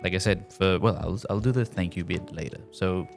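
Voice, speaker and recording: Low-voiced man hosting a casual chat. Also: a little fast, creaky, faint music behind. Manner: animated, thinks aloud with restarts. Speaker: podcast host.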